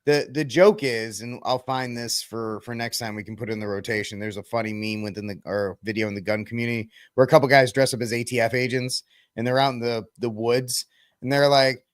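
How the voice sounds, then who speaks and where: A man's voice: mid-range voice, fairly even intonation, fairly quick, smooth, no echo, clean studio sound. A man co-hosting a podcast in casual chat, with a wry, sarcastic way of telling stories. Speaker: podcast co-host.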